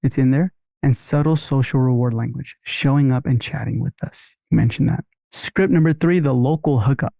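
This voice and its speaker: A man's voice: mid-range voice, moderate pace, gravelly, hardly any pauses, warm tone, no room sound, studio quality. A man teaching dental marketing on a podcast, in a punchy, upbeat coaching manner.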